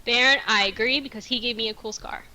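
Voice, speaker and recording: A woman playing at a tabletop game table, excitable and giggly. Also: fairly high pitch, quick pace, background noise. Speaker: player. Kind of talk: casual chat at a game table.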